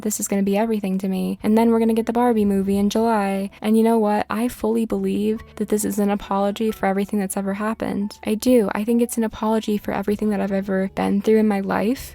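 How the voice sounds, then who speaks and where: Gravelly-voiced woman rambling over gameplay. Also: medium pitch, dark tone. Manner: rambling, sarcastic, swears at the game. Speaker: gaming vlogger. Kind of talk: casual gameplay chatter.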